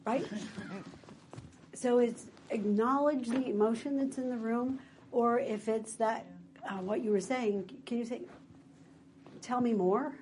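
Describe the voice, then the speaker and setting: A woman's voice: on the high side, unhurried, darkish tone, a little hiss or hum. A woman presenting a workshop on dementia care, acting out what a caregiver might say. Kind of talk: workshop talk.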